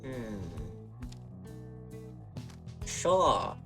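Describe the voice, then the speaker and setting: A relaxed man from Australia chatting through a game stream, self-deprecating and casual. Soft guitar music plays in the background. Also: medium pitch, extremely slow. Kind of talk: casual gaming commentary with reading aloud.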